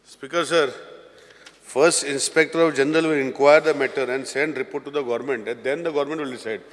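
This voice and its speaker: A man's voice: medium pitch, fairly even intonation, a little fast. A man presenting a bill in a legislative debate, switching between Konkani and English and repeatedly addressing the Speaker. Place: legislative assembly hall. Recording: long reverb in assembly chamber.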